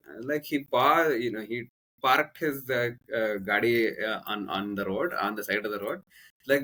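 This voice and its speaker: A man with an Indian English accent, a coach appearing as a podcast guest, tells rambling personal anecdotes in casual conversation, full of fillers and restarts. His mid-range voice sounds pushed and bright, at a measured pace.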